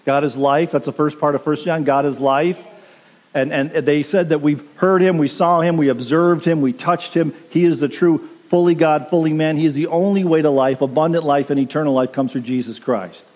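A man's voice: on the high side, steady tone, moderate pace, a little mellow. A pastor preaching a sermon, earnest and direct, urging his listeners plainly. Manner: earnest, direct exhortation with quoted asides. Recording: long reverb of a large hall.

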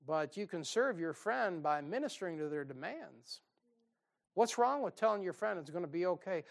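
A man preaching a sermon in a folksy, conversational way with quick asides. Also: sits high, very animated, creaky. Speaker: pastor.

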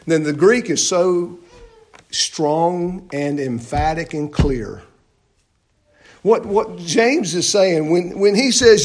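A man's voice: high-pitched, expressive, slow pace. A man preaching a sermon in a church, emphatic and full of rhetorical questions and repeated phrases. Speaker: pastor.

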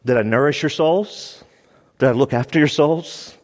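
Male pastor mid-sermon, middle pitch, emphatic and repetitive, long echoing reverb. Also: normal speed, a little mellow. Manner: emphatic, repeats key lines for stress.

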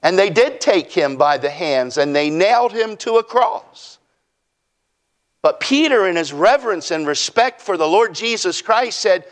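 A man's voice: high voice, animated, measured pace. A man preaching a sermon in a folksy way, acting out quotes from his text. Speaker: pastor.

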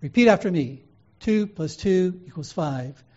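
A cold, commanding schoolteacher gives quiet, clipped orders in a low, hushed tone, as a preacher puts him on. The voice is a fairly high male voice with a warm, mellow color. The recording sounds slightly muffled. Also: expressive, a little slow. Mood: stern. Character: stern male classroom teacher, cold and commanding.

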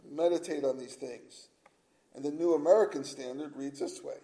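Repeating phrases to hammer each point, a male pastor with a slightly high, dark-toned voice preaches earnestly, slowing his delivery whenever he reads from scripture. The recording quality is low.

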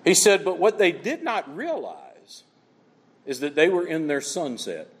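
Male pastor, slightly high voice, animated preacher, long hall reverb. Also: unhurried, breathy edge. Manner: animated preaching, rhetorical questions, reads scripture aloud. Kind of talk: sermon.

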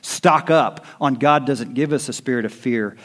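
A man preaching a sermon as pastor. He swings from quiet, hushed lines to loud, rising exhortation. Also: medium pitch, normal speed.

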